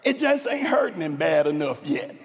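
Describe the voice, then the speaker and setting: A man's voice: fairly high pitch, very animated, normal speed, breathy edge, voice pushed down. A man playing an easygoing old Southern farmer, speaking in a lazy rural drawl. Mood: unbothered. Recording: long reverb in a large church.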